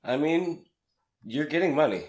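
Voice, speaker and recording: A man slightly raspy from a cold, rambling through a casual podcast chat as co-host and laughing at his own jokes. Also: on the high side, animated, unhurried, a little mellow. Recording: echoey room.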